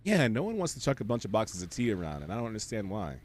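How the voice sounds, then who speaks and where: A man chatting loosely over his gameplay in a fairly low voice, musing and joking in a dry, sarcastic way. Now and then he jumps into loud, excited outbursts before settling back down. A faint hiss sits under the recording. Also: fast talker. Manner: wry, sarcastic asides with sudden excited outbursts. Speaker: streamer. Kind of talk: casual gameplay commentary.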